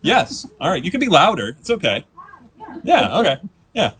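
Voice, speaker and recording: A man in his thirties doing a live stand-up set, rambling and self-deprecating with deadpan asides. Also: fairly high pitch, moderate pace, breathy edge. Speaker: stand-up comedian. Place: comedy stage before a live audience.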